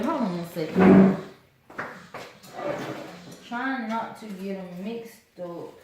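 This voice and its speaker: A chatty woman talks casually to her viewers, exclaiming as she goes and calling them y'all. Her voice sits at an ordinary middle pitch. The room around her is echoey. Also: takes it slowly, vocal fry, long pauses, very noisy. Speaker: vlogger showing her orchid collection. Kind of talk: casual chat.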